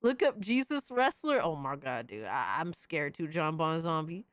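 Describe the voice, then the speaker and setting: A woman hosting a live stream, reading chat messages aloud and reacting in an excitable, profane, casual way. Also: low voice, normal speed, no echo, clean studio sound. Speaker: livestream host reading chat.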